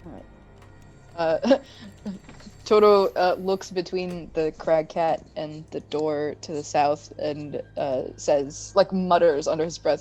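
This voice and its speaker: A woman's voice: sits low, steady tone, slow, a little mellow, soft background music. A woman playing a tabletop game, giggling as she narrates what her character does. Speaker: player. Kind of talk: tabletop game play, casual chat.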